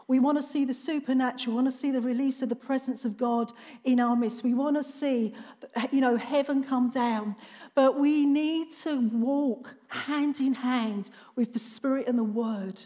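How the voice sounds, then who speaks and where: A woman's voice: fairly high pitch, a little mellow, in a large hall. A woman pastor preaching a sermon in an earnest, conversational way with some fillers.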